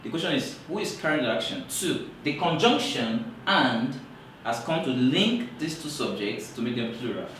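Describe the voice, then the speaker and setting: A man teaching English grammar in a classroom lecture, talking slowly and repeating key points for emphasis. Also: medium pitch, sing-song, fairly bright tone, a little hiss or hum. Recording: very echoey room, voice from far off.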